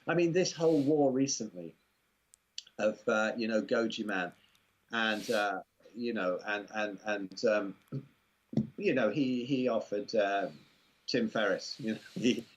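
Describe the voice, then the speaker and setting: A man's voice: fairly low pitch, measured pace, long pauses. A man with an English accent, a guest in a casual interview, talking in long rambling runs full of "you know" asides. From England. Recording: muffled lo-fi recording.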